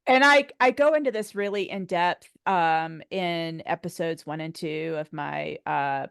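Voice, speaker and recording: A woman's voice: on the low side, slow, vocal fry, clean tone, dry recording, clean studio sound. A woman in her forties, a podcast guest telling a personal story in a conversational way, acting out what others said and laughing often. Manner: animated storyteller, acts out quoted dialogue, laughs often.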